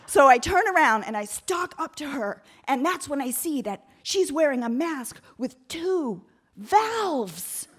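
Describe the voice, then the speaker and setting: A woman from Oakland telling a candid, comic story live on stage, getting animated as she goes. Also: high-pitched, a little slow. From Oakland, United States.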